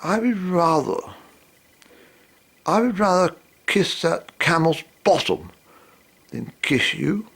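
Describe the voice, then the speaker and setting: A man voicing a teasing, sharp-tongued woman friend who gives blunt, dismissive retorts. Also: fairly low pitch, big pitch swings, slow pace, gravelly, pauses often, slightly rough, pitched above the performer's own voice, exaggerated voice. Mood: scornful.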